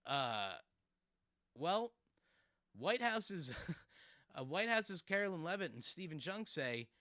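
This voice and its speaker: A man's voice: a little high, big pitch swings, slow pace, bright, forceful tone, no echo, studio quality. A man hosting casual commentary, sarcastic and rambling with fillers and laughs. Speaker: streamer host.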